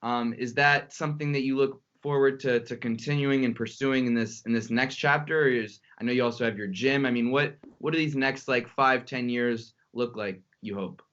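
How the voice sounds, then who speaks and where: A man's voice: mid-range voice, fairly even intonation, moderate pace, hardly any pauses, a bit bright, muffled recording. A man hosting a podcast, asking long, rambling questions that restart partway through. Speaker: podcast host. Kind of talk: casual interview questions.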